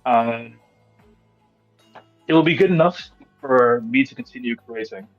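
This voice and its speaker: A man's voice: medium pitch, a little slow, soft background music. A young man chatting casually over a voice call, hesitant and rambling with lots of fillers. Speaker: guest on voice chat. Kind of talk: casual chat. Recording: dull lo-fi voice chat.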